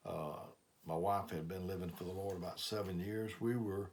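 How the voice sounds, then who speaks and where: Deep-voiced older Southern preacher. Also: male voice, fairly even intonation, normal speed, a little mellow. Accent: Southern US, Alabama. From Alabama, US. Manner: plain folksy storytelling, frequent "uh" fillers. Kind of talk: testimony sermon.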